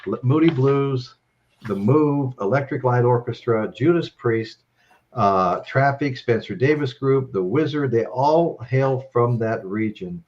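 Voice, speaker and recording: A man's voice: mid-range voice, dull audio. Rambling man hosting a live stream. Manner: rambling storyteller, tags lines with okay. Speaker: host.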